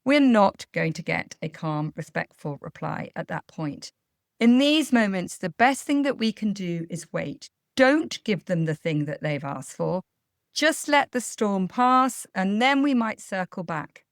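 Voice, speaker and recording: A woman, a parenting coach speaking in a calm, measured and explanatory way on a podcast. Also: mid-range voice, no echo, studio quality. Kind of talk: podcast advice talk.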